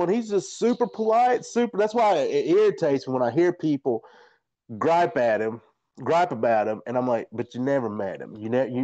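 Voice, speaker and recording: A man's voice: on the high side, no room sound, highs cut off. A man, a podcast host and fighter, telling a rambling, profane story in a casual chat. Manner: animated, profane, rambling anecdotes.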